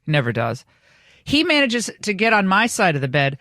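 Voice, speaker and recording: A woman's voice: mid-range voice, sing-song, normal speed, a bit bright, no room sound, studio quality. A middle-aged woman hosting a radio talk show, telling a story in a chatty way with many restarts. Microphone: studio microphone.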